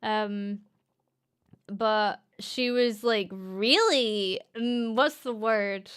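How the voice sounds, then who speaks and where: A woman's voice: a little high, extremely slow, fairly bright tone, clean tone. A young Scottish woman streamer rambling through a casual story with lots of fillers and giggles. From Scotland. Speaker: streamer and voice actress.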